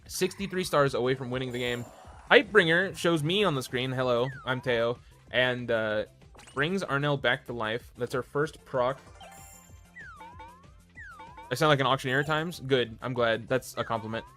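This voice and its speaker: A man streams live commentary of a board video game, calling each roll and fight in quick play-by-play. He mixes in self-deprecating asides, and faint music plays underneath his voice. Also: mid-range voice, pushed and bright. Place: home streaming setup.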